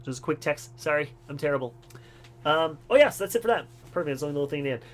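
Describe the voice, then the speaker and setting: Fast-talking excitable young man. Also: on the high side, faint music behind, poor audio. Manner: excitable, rambling. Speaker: video host. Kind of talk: casual storytelling vlog.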